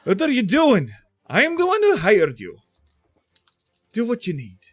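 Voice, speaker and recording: Man doing a haughty french-accented schemer, lively, higher voice, dry sound. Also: brisk, dry recording. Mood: indignant.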